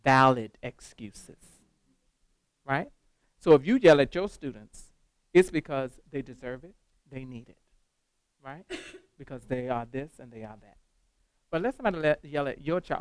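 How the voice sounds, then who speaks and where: A man leading a teacher training workshop, lively and animated, quizzing the room with questions as he goes. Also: medium pitch, measured pace, long pauses, smooth, dry recording. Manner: animated, talks to the room with call-and-response questions. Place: classroom.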